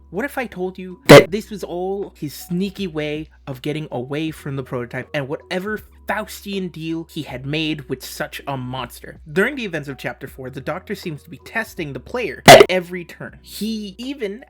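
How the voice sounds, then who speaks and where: A channel host casually explaining a game theory, with joking, self-deprecating asides and rambling tangents. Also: mid-range voice.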